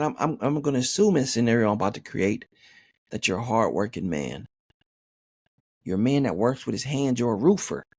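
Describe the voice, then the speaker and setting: A man's voice: medium pitch, gravelly, darkish tone, husky, dry recording, clean studio sound. A man hosting a podcast, reading a listener's email aloud and riffing on it in a joking, profane way, saying "man" constantly. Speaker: podcast host.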